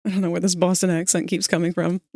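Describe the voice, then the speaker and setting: A streamer chatting casually and quietly while working on a 3D model, musing aloud in a low-key way. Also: flat delivery, a little fast, no echo, studio quality.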